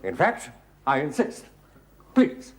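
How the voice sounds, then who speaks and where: An actor playing a smooth, snobbish gentleman with a posh English accent in a studio sitcom, genteel and affectedly polite. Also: a little high, wildly swooping pitch, slow, heavily acted. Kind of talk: 1970s studio sitcom acting.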